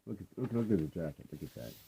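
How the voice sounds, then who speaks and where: Talking fast with big pitch swings, an older man has a low, creaky, mellow voice, and slight background noise is audible. He's a vinyl vlogger casually rambling through his record finds with many fillers.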